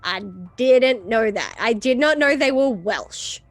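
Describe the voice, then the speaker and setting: Expressive high-voiced woman host. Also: slow. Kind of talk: casual chat.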